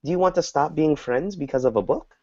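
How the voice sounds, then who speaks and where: A man teaching an English lesson to a small group, explaining slowly and patiently and acting out example dialogues. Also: fairly high pitch, a little mellow. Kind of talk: online group language lesson. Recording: dull lo-fi audio.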